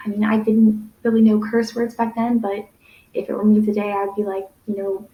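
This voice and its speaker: A woman's voice: mid-range voice, monotone, normal speed, dull audio, a little hiss or hum. A young adult woman telling a personal story to camera, rambling with many fillers and restarts. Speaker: vlogger. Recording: echoey room.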